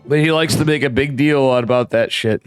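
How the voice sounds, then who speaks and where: A man's voice: mid-range voice, brisk, clean tone, faint music behind. A tipsy man hosting a game stream, rambling through casual banter with lots of swearing. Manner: rambling, swearing, laughing often.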